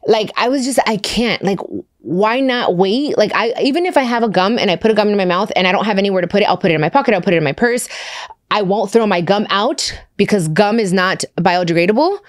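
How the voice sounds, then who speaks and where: Woman podcast host, casual storytelling, animated quotes, mid pitch, dry studio mic. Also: quick pace, no echo. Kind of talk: casual chat.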